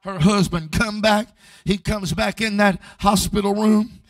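High-pitched preacher guy shouting his sermon, kinda far from the mic, dry sound. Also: fairly even intonation, unhurried, no room sound. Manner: preaching that builds to shouting, then drops to a hush. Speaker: pastor. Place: church sanctuary.

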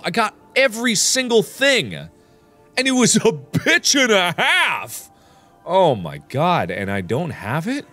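A man's voice: on the high side, huge pitch swings, measured pace, bright, forceful tone, soft background music. A man in his twenties hosting a let's play, talking jokily to the game's creatures, swearing and yelping when startled. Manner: jokey, swears a lot, yelps in surprise, chats to game creatures. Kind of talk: excitable gameplay commentary.

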